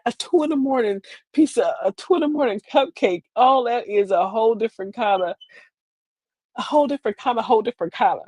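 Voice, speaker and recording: A woman's voice: on the high side, quick pace, a little mellow, slightly rough, no room sound. A woman, hosting a streamed show in a sassy, rambling comedic monologue. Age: 50s. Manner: chatty, sassy, rambling with repeated phrases.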